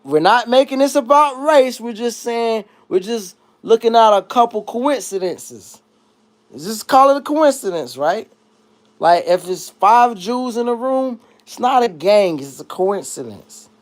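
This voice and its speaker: A man hosts a livestream, reading chat comments aloud and riffing in a casual comedic rant. He's animated and a little slow, swinging between loud high bursts and low mutters.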